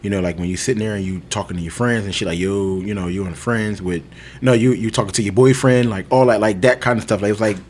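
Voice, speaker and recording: A man's voice: fairly low pitch, rapid-fire, hardly any pauses, darkish tone, slight background noise. A young man telling a long personal story in casual podcast chat, loose and chatty with lots of fillers. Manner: loose storyteller, lots of "like" and "you know", laughs often. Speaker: podcast co-host.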